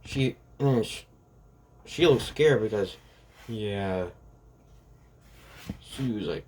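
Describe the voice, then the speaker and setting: A man's voice: on the low side, takes it slowly, long pauses, a little mellow, slight background noise. A man casually retelling a fan-made story in a rambling way, full of fillers. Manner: rambling, full of "like" and "pretty much".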